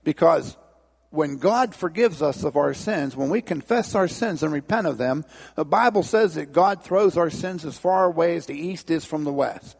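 A man preaching a sermon, telling a folksy story with animated delivery, in a long-echoing hall. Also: a little high, normal speed, vocal fry, husky. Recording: long reverb in a large hall.

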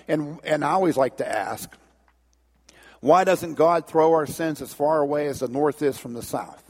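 Husky folksy preacher in an echoing hall. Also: male voice, a little high, normal speed. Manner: folksy, animated storyteller. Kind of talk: sermon with storytelling. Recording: long reverb in a large hall.

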